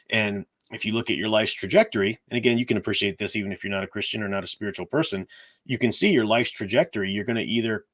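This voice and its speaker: A man's voice: on the low side, a bit bright. A man hosting a casual livestream, answering viewer questions in an earnest, explanatory way. His voice sounds tired and strained. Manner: earnest, explanatory, thinks aloud. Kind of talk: casual livestream commentary on faith and fiction.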